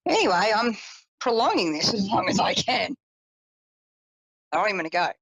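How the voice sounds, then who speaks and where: A woman psychic telling a personal story in a chatty, animated way, with self-deprecating asides. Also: medium pitch, normal speed, breathy edge, no room sound, poor audio. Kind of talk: personal storytelling on a live call-in show.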